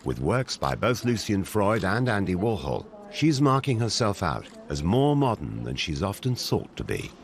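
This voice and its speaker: A man narrating a documentary in a measured, dramatic scripted delivery. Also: fairly low pitch, big pitch swings, vocal fry, slight background noise. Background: music.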